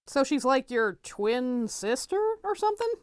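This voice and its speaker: A woman voicing a prim, easily flustered bookish young gentleman in a comedic audio drama. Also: sits high, sing-song, a little slow, smooth, dry recording, clean studio sound. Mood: exasperated. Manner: prim, exasperated, stammering.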